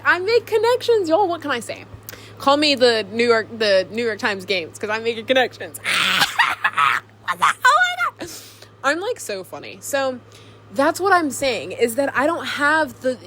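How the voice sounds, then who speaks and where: A young woman talks to her own camcorder, rambling and giggling through a casual vlog. Her voice sits a little high and swoops all over the place. There's a faint hiss of room noise underneath. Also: fairly bright tone. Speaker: vlogger. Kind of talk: casual chat to camera. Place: alone in a room.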